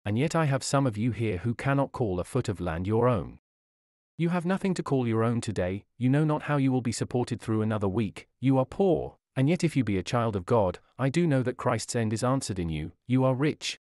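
A man preaches in an earnest, rhetorical, old-fashioned way, his pitch rising and falling with feeling. The sound is close and dry, with no room echo at all. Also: animated, brisk, a little mellow. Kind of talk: sermon reading.

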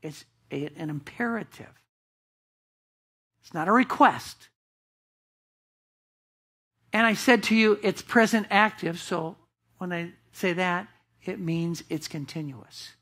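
A woman's voice: lowish voice, slow, pauses often, fairly bright tone, breathy edge. A woman pastor preaching a sermon in a church, emphatic and asking the congregation rhetorical questions.

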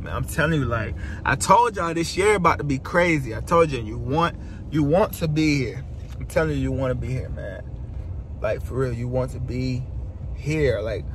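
A man vlogging casually from inside a car, excited and repeating himself as he teases an announcement to his viewers. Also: medium pitch. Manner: excited, repetitive, keeps teasing an announcement. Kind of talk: casual vlog to camera. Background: faint car noise.

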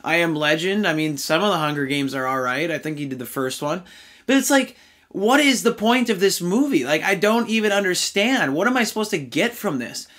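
A man's voice: high-pitched, lively intonation, a little fast, fairly bright tone. A man hosting a casual film review, talking in an exasperated, rambling way with fillers and restarts.

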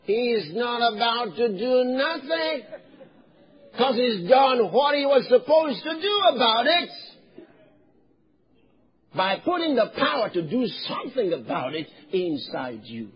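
A man from Nigeria preaches a sermon in a very high, husky voice that swings widely and climbs to emphatic shouts. He keeps calling on the congregation to answer him. The recording is dull and lo-fi. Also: slow pace. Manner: animated, calls for congregation responses, swings to loud emphatic shouts. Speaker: pastor.

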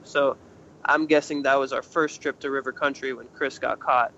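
A man's voice: mid-range voice, moderate pace, gravelly. A young man, a guest in an interview, casually telling a story and acting out what others said. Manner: animated, acts out other people's lines in a raised voice. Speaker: interview guest, urban explorer. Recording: slightly muffled with faint noise.

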